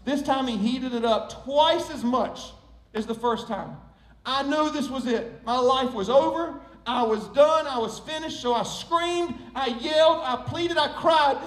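A preacher voicing a pleading talking teacup. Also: male voice. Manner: storytelling, rising to high pleading cries. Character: old teacup, male, long-suffering and wondering. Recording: roomy echo.

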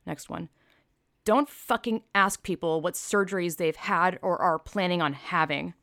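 Woman, low gravelly voice, blunt and sarcastic, swears freely, dry close sound. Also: measured pace, fairly bright tone, no echo. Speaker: commentator. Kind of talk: opinion vlog commentary.

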